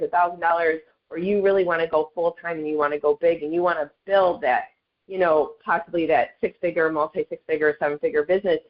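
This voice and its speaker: A woman with a slightly low voice gives a casual motivational talk on a group call. She is chatty and earnest and keeps turning to her listeners. The audio is dull and lo-fi, like a compressed call line. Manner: chatty and earnest, addresses listeners as "you guys". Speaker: network marketing leader sharing her story.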